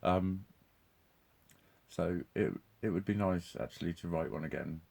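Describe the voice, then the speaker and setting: Low, mellow-voiced man. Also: measured pace, gravelly. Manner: swears constantly, laughs often, restarts sentences. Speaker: vlogger. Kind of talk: rambling live monologue.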